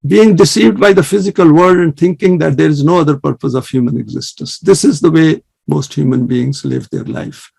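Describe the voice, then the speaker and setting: A man giving an earnest, measured religious lecture and reciting scripture quickly in between. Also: on the high side, gravelly, a little mellow, husky. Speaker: Islamic study presenter.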